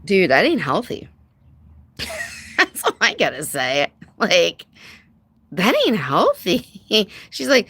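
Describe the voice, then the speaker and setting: Woman live-stream host, unhurried, casual and sarcastic. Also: lowish voice, wildly swooping pitch, a bit bright, husky, dry recording. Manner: chatty, laughs often, greets chat viewers by name; sarcastic, says dude and y'all. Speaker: livestream host.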